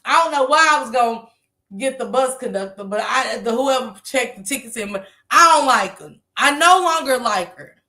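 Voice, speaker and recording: A woman with a fairly high, sharp voice tells her viewers a story in a loose, chatty way. She swears freely, laughs often and acts out what other people said. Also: lively intonation, normal speed. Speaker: livestream host telling a story.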